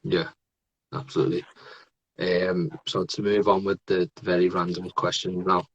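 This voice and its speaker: A man's voice: low voice, level tone, normal speed, slightly rough, dull audio. A man in his thirties hosting a casual podcast interview, chatty and laughing often. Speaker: podcast host.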